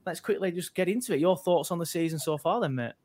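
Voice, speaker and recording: A man's voice: a little high, quick pace, darkish tone. A man hosting a football podcast, chatty and jokey, laughing along and correcting himself as he goes. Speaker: podcast host. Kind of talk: casual football chat.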